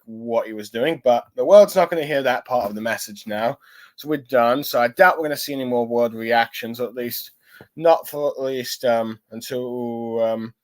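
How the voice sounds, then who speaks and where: Rambling man recapping with many ums. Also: medium pitch. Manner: rambling, lots of ums and self-corrections. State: a little tired. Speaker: chapter reviewer. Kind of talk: casual recap and review.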